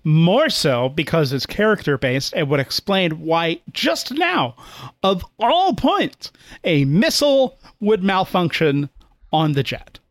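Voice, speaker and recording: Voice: medium pitch, big pitch swings, slow, no room sound, studio quality. A podcast co-host chatting casually and enthusiastically, picking apart a film's plot. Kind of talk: casual chat.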